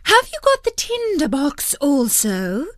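A sly, grasping old witch from a storybook, as a woman reading aloud puts her on. Her demands come out sharp and raised, with plenty of swing in the pitch, recorded close and dry. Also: wildly swooping pitch, slow pace, no room sound, exaggerated voice. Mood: demanding.

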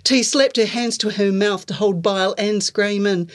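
A woman author reading a passage from her own novella aloud. Her delivery is even and clear, paced like a steady storyteller. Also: medium pitch, normal speed. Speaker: author reading their work. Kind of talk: fiction reading.

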